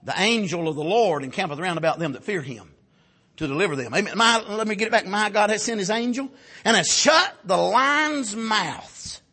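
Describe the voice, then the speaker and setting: A man delivers a fervent sermon in a high, bright voice. His tone carries a husky edge. He drops low for asides, then climbs to shouts and calls of amen. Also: expressive, normal speed. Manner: fervent, rising to shouts, frequent amens. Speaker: preacher.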